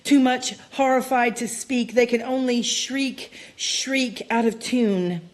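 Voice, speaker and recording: A woman giving a dramatic poetry recitation at a worship service, swinging from loud cries down to hushed murmurs. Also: mid-range voice.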